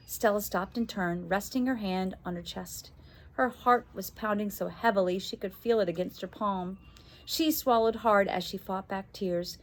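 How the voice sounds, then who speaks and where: Woman teacher reading a children's story aloud; middle-pitched voice, expressive, lifts her voice for the kids' lines. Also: moderate pace.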